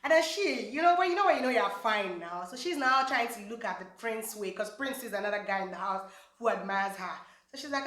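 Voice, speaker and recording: A woman's voice: mid-range voice, brisk, a bit bright, roomy sound. A woman, gossiping casually about reality show contestants, with lots of fillers. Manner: chatty, gossipy, many fillers. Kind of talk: casual chat.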